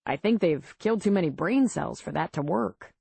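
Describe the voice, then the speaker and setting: A woman voicing a steady, plainspoken small-town bar owner in an audiobook. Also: fairly low pitch, moderate pace, vocal fry, husky, dry recording, full character voice. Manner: calm, matter-of-fact.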